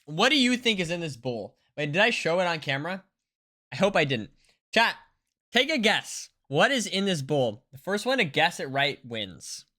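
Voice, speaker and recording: Female streamer, casual chat with viewers, bright sharp voice, animated and up-and-down. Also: fairly low pitch, moderate pace. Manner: animated, reads chat aloud, big swings between hyped and mumbly. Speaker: livestreamer.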